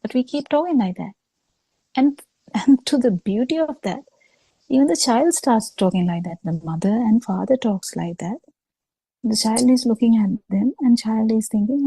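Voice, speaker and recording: A woman gives a slow dharma talk over a video call, pausing often between phrases. Her voice is very dark, gravelly and somewhat husky, and the sound is dry and close. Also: a little high, dry recording, low-quality recording. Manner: slow, halting explanation with frequent pauses. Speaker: Buddhist teacher.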